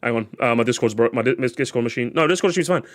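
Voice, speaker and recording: A man streaming live, ranting in a casual, excitable way and swearing often. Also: medium pitch, rapid-fire. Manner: animated, excitable, swears a lot, repeats himself.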